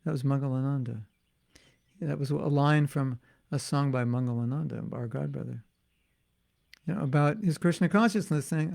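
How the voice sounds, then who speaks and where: Man with a gravelly, fairly high voice. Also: measured pace, darkish tone. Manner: conversational and musing, with frequent restarts and asides. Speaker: spiritual teacher. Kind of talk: informal devotional class talk.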